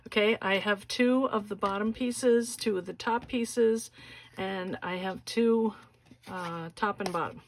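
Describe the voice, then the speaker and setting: A woman's voice: mid-range voice, slight background noise. A woman hosting a casual crafting tutorial, walking through each step in a chatty way and often checking in with "okay?".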